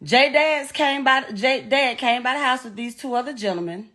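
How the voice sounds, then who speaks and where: A middle-aged woman's high, slightly bright voice moves at a moderate pace as she gives a personal account in an interview. She speaks bluntly and emotionally, swearing and repeating herself while recounting.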